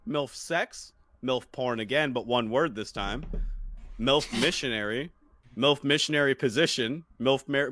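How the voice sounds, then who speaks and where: A man co-hosting a podcast, swapping crude, casual banter. His voice sits at an ordinary pitch, and he talks bluntly and profanely, dropping deadpan jokes. He sounds relaxed and unfiltered. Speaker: podcast co-host.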